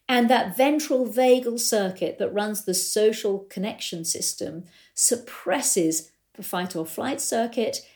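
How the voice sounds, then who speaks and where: A middle-aged woman with a mellow, warm tone talks through her coaching ideas as a riding coach. She tells stories as she goes and acts out the back-and-forth of conversations she quotes. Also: on the high side. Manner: storytelling, acts out quoted exchanges. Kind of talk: explanatory talk with anecdotes.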